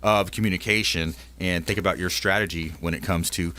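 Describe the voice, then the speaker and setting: A man's voice: low-pitched, steady tone, a little fast, pushed and bright. A man hosting a casual radio talk show, upbeat and salesy, trading tips with his guests. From Tampa Bay area, Florida.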